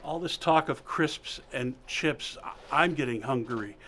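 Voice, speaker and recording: A man's voice: medium pitch, measured pace, a bit bright. A man co-hosting a talk show, trading playful, teasing banter with his co-host. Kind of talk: casual chat.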